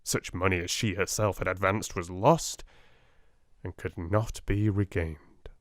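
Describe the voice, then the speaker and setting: A man with a British accent narrating a classic children's novel in an expressive storytelling manner. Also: deep voice, unhurried, dry recording, studio quality. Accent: British English. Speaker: audiobook narrator. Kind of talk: unabridged audiobook narration.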